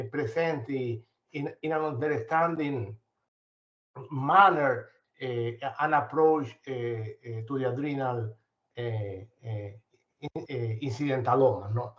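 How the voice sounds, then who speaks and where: An older physician with a Spanish accent gives a long comment, hesitating often with fillers and restarts. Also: male voice, medium pitch, fairly bright tone. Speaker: physician asking a question. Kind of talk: audience comment at grand rounds. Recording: echoey room, muffled lo-fi audio.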